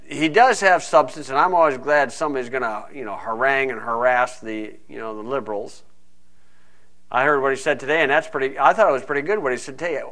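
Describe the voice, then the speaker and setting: A man's voice: mid-range voice, bright, forceful tone. A man preaching a folksy, conversational sermon full of asides. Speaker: pastor.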